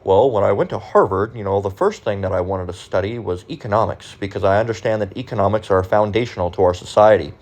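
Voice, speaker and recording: A man voicing a polished, well-educated young man who explains things in a formal, measured way. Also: on the low side, darkish tone, pitched below the performer's own voice. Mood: lecturing.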